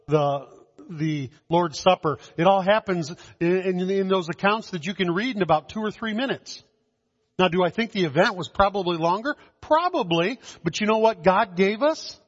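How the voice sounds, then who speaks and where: A man preaching a communion sermon, slow and measured, with dramatic pauses and soft drops in his voice. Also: high-pitched. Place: church hall. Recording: dull sound in a long-echoing hall.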